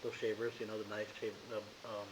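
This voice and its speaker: A man's voice: on the low side, level tone. A man playing a tabletop game, describing his character in a slangy, casual way with lots of "you know". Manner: fast, slangy, says "bro" and "you know" a lot. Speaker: player. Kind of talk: casual tabletop role-play. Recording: dull lo-fi with faint hiss.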